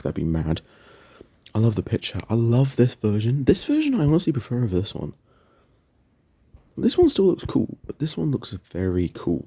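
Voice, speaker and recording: Young guy, low gravelly voice, kinda husky, rambly chatty game talk. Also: dark tone. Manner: chatty, rambling, self-correcting. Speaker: gaming video creator. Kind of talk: casual game commentary.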